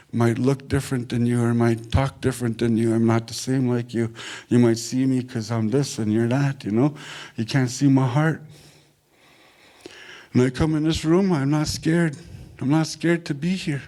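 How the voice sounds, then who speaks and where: An invited speaker from Manitoba, Canada gives an earnest, plain-spoken personal talk in a mid-range, slightly mellow voice. He often repeats his phrases.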